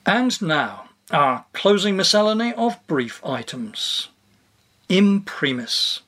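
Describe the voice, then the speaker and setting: A man's voice: high-pitched, very animated, slow, fairly bright tone. A man reading a scripted commentary monologue in a dry, sardonic manner. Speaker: podcast commentator.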